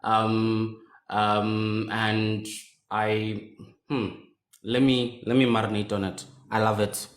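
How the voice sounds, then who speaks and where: A man's voice: lowish voice, flat delivery, slow pace. A man hosting a live stream discussion, thoughtful and hesitant, with many fillers. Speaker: host. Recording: roomy echo.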